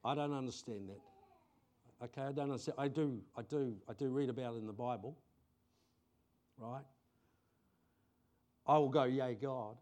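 Aussie pastor guy, chatty sermon, gets excited then goes quiet, middle-aged. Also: medium pitch, normal speed, long pauses. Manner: conversational, animated storytelling with bursts of excitement.

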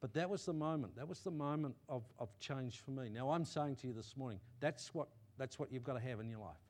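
New pastor, halting then booming. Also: male voice. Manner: halting restarts, swelling to loud emphatic peaks. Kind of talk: sermon with personal testimony.

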